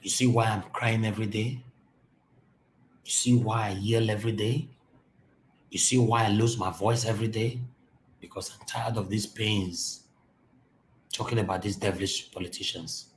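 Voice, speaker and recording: A man's voice: on the low side, fairly even intonation, moderate pace, long pauses, slight background noise. A Nigerian man hosting a live-stream commentary, impassioned and repetitive, talking from his home office. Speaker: host. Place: home office, generator running.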